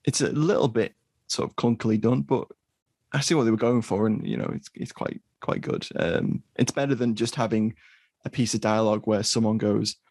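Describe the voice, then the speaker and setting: A man's voice: on the low side, normal speed, darkish tone, dry recording. A man co-hosting a film podcast, talking casually with hesitant restarts. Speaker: podcast co-host.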